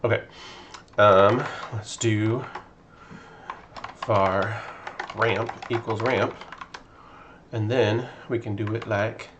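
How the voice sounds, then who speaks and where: Low-voiced man thinking aloud while coding. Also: fairly even intonation, extremely slow, pauses often, noisy background. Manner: muttering to himself while debugging, thinking aloud. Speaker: game developer streaming. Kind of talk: casual live-stream chat while coding.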